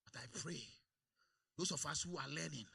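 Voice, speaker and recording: A man preaching a sermon in a church service, calling for amens and swinging between quiet asides and loud exclamations. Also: fairly high pitch, normal speed, creaky, slightly rough. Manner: calls for amens from the congregation. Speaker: pastor.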